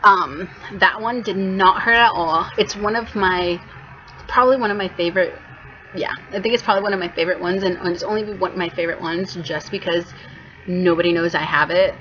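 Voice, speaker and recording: A woman's voice: lowish voice, brisk. A young woman from California chatting casually to the camera in a home vlog, rambling with many ums and likes and laughing now and then. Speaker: vlogger. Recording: muffled home video with steady background noise.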